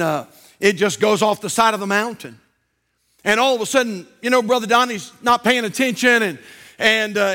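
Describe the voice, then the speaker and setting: A male pastor preaching a fiery sermon in a church, swinging between shouted warnings and hushed asides. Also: very high-pitched. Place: church auditorium.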